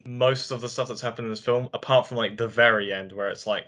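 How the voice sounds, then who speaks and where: A man's voice: mid-range voice, quick pace. Man retelling film scenes casually. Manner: animated, retells scenes with filler words. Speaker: podcast co-host. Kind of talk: casual film review chat.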